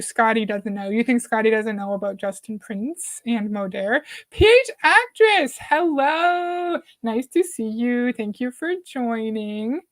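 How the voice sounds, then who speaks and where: A woman hosting a live reaction stream, chatting casually, greeting viewers by name and reading their comments aloud. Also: fairly high pitch. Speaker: livestream host.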